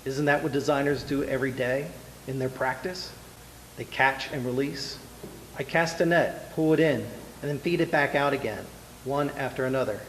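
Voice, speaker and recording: A man reads a reflective artist's statement in measured phrases that repeat themselves. His voice has a long, lingering reverb, with a faint hiss behind it. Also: medium pitch. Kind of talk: reflective scripted narration.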